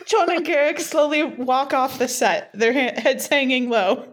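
A woman reading a comedy sketch's stage directions, deadpan with giggles between. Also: high voice, measured pace, slight background noise. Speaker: narrator of sketch.

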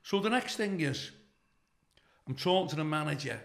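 A middle-aged comedian from the UK spins a swearing-laden anecdote, slipping into the voices of the people he describes. His voice sits a little high, with a gravelly rasp underneath. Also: moderate pace. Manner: animated, acts out the people in his stories. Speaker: comedian guest. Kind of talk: profane anecdote storytelling.

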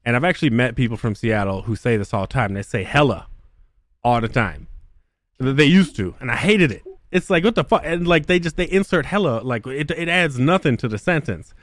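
A man's voice: medium pitch, expressive, brisk, no echo, clean studio sound. A man hosting a casual podcast, ranting about a game with constant profanity and mockery. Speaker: podcast host. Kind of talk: crude casual podcast chat.

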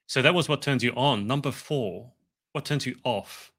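A man hosting an interview, briskly and amiably running through a list of questions. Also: medium pitch, a bit bright, husky.

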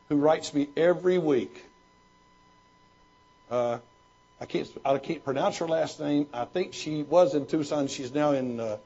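Gravelly husky pastor man, lo-fi. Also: mid-range voice, mellow. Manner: folksy storytelling with frequent restarts. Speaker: pastor and former missionary. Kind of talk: question-and-answer talk. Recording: dull lo-fi recording.

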